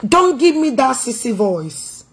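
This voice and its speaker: A high, husky-voiced Nigerian woman with an Igbo accent rants in a mocking commentary vlog. She taunts and scolds loudly, drifting between English and Pidgin. The edge in her voice stays rough throughout. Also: sing-song, unhurried. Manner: taunting, confrontational, loud and teasing. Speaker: online commentator.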